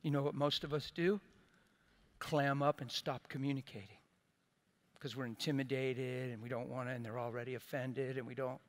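A middle-aged pastor preaches a sermon in a medium-pitched voice at normal speed, his intonation fairly even. He's earnest and impassioned, swinging between loud bursts and quiet, soft asides.

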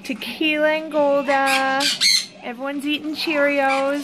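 A woman filming her pets at home for a casual vlog, cooing at them in high sing-song baby talk. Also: slow pace, heavy background noise. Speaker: pet owner filming her animals. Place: home with caged birds and pets. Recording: loud bird squawks and clicks behind. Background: birds squawking.

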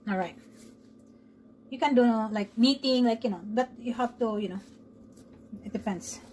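In a casual cooking vlog, a mother and home cook chattily coaxes her daughter through baking pies in their home kitchen. Her voice is on the high side with a darkish tone at a moderate pace, and the audio is poor with slight background noise.

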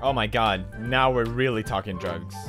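A man giving excitable let's play commentary over a video game, laughing a lot and breaking into shouts. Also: on the low side, moderate pace, music in the background. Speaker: gaming commentator.

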